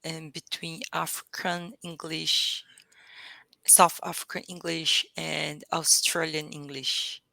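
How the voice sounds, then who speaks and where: A woman learning English over a video call, speaking carefully and haltingly, repeating words to practise them. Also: low-pitched, flat delivery, gravelly, pushed and bright, no echo, poor audio. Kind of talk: casual online lesson.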